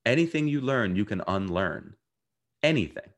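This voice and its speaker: A man with a very low, deep voice talks as a coach on a podcast. He is animated and emphatic, pressing his points and acting out other people's words. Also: normal speed. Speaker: guest, mindfulness coach. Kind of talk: conversational podcast interview.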